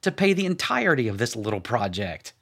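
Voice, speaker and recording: A man's voice: medium pitch, sing-song, a little fast, gravelly, fairly bright tone, heavily acted. A man reading a story, voicing a boisterous, proud male warrior guide with grand, declamatory speech.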